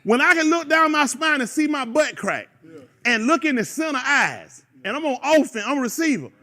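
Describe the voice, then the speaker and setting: A man hosting a radio show, ranting in an animated, rambling casual chat. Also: very high voice, normal speed.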